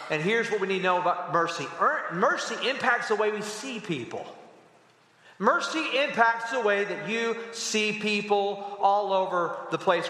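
A male pastor delivers a sermon in a church sanctuary, his bright, forceful voice ringing off the walls. He tells stories with animation and keeps checking in with the congregation through quick rhetorical asides. The recording carries a long, roomy reverb. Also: high voice. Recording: echoey hall with long reverb.

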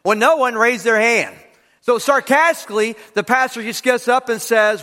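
A man's voice: very high voice, moderate pace, pushed and bright, in a large hall. A man preaching a sermon to his congregation, who leads them in repeating key lines aloud. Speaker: pastor. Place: church sanctuary.

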